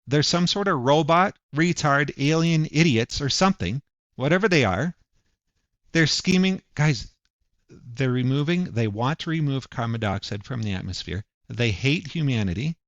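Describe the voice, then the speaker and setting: A man's voice: medium pitch, a bit bright, no echo, highs cut off. A man ranting angrily in a profane, mocking monologue. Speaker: commentator. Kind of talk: angry monologue.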